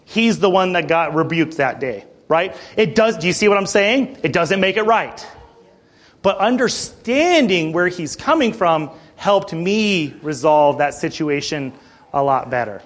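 A man's voice: a little high, unhurried. A man in his thirties, a pastor preaching a sermon, telling a story to the congregation and getting fired up. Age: 30s. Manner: animated, fired up, talks straight to the congregation.

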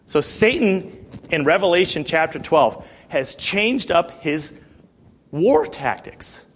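A man preaching a sermon, animated, swinging between quiet and loud delivery. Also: on the high side, slow pace, husky.

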